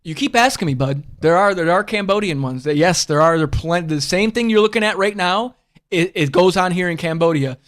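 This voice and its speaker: A man's voice: high voice, brisk, fairly bright tone. A man hosting a casual livestream podcast, rambling bluntly and profanely and calling listeners bud and bro. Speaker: podcast host.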